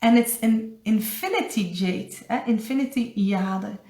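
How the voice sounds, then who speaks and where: A woman with a Dutch accent, a spiritual coach giving a casual live card reading, halting and searching for English words. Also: fairly high pitch, darkish tone. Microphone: phone or webcam on a live stream. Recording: echoey room.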